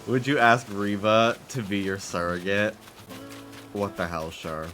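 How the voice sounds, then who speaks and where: A man talks casually while streaming a game, swearing freely and breaking into laughter as he rambles. His voice sits a little low, with a bright, forceful edge. Faint music plays behind him. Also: a little slow.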